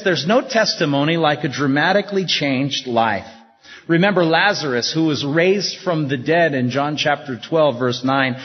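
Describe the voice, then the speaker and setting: Husky preacher in an echoey hall. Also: male voice, fairly high pitch. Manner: preaching with rising emphasis and rhetorical questions. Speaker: pastor. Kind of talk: sermon. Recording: dull echoey hall recording.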